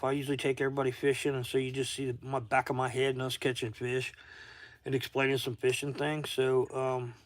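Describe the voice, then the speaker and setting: A middle-aged man from Florida with a Southern accent, tired, chatting casually in a rambling way on a livestream from his garage workshop, greeting viewers by name. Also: mid-range voice. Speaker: outdoor livestream host.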